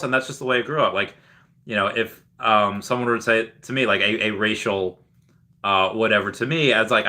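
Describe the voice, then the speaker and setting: A man's voice: mid-range voice, bright, forceful tone. A young man hosting a casual livestream, rambling as he reads viewer comments aloud and mimics people he quotes. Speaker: livestream host.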